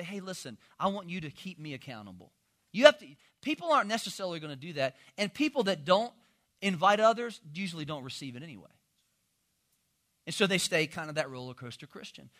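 A male pastor delivers a sermon in a high, ringing voice with a bright edge. He tells stories with lively energy, slipping into the voices of people in his congregation before landing his point. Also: normal speed. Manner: animated storytelling, impersonates congregants.

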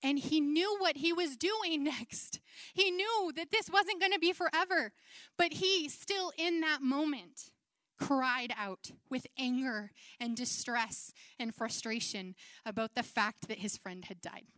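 Woman preacher, earnest conversational delivery, high voice, dry recording. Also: unhurried, fairly bright tone, no echo. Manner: earnest, conversational, with dramatized quotes. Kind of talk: sermon.

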